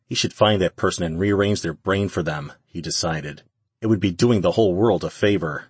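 The narrator, a man whose voice is very deep and husky, reads audiobook text from a script at a moderate pace and in a steady manner. There is no echo; the recording is close and dry.

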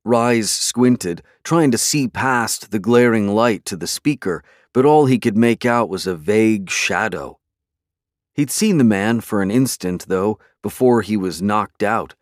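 A man narrates a story in a measured, dramatic way, his voice on the lower side. The recording is dry and close, with no room sound. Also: no room sound. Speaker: audiobook narrator. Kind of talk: scripted narration.

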